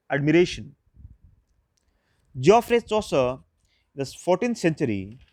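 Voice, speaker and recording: A man, an English lecturer, giving a recorded lecture, explaining slowly and repeating key terms. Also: fairly high pitch, no room sound, studio quality.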